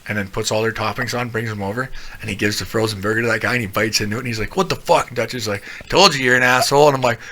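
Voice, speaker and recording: A man's voice: medium pitch, sharp tone. A man casually telling a rowdy, profanity-laden story, acting out quotes of his friends.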